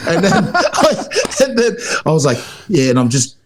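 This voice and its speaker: A man's voice: fairly high pitch, wildly swooping pitch, normal speed, a loud crowd. A man in casual chat on a rugby podcast, telling stories with many fillers and restarts and acting out what others said. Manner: storytelling, many fillers and restarts, acts out quotes. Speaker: podcast co-host, former rugby player.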